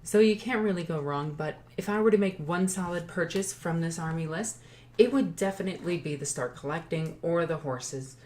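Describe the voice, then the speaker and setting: A woman hosts her own channel in a loose, casual commentary style. Her voice sits a little low, and she chats and jokes along the way, pausing to correct herself when she trips on a word. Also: darkish tone. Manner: chatty, joking, corrects her own slips. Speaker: YouTube host.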